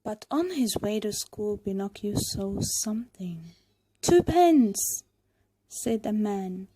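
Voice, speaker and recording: Slow, mellow woman reading a story. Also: mid-range voice, steady tone. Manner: slow, clear, deliberate.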